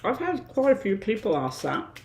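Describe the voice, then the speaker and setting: A woman's voice: fairly high pitch, very animated, moderate pace, slight background noise. Woman thinking aloud in an echoey room. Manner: casual, thinks aloud with frequent ums. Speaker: tarot reader. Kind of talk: live-stream tarot reading. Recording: roomy echo.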